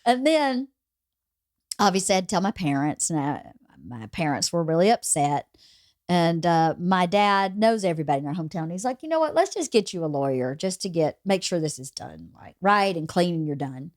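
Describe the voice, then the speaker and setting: A woman hosting a podcast, telling a story in a lively, casual way and laughing as she goes. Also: on the low side, moderate pace, no echo, clean studio sound. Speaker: podcast host.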